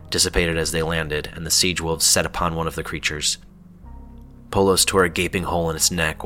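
A man reads a fantasy story in a measured, steady manner. His voice is very deep but bright and forward. Faint music runs underneath. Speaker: narrator. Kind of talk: scripted fantasy narration.

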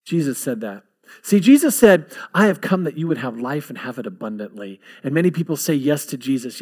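A man's voice: on the high side, animated, fairly quick, darkish tone. A male pastor preaching a sermon, building emphasis with repeated phrases.

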